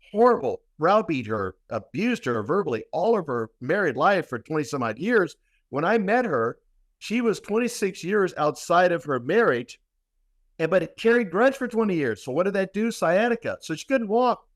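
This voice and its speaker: A man's voice: high voice, sing-song, normal speed, no echo, clean studio sound. A man, a guest practitioner, telling a long story in a podcast interview, emphatic and repetitive with many restarts.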